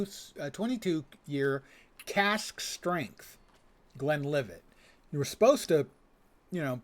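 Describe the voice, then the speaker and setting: An older man streaming a fantasy game, chatting casually with dry, digressive humor. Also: on the high side. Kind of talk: casual chat while playing.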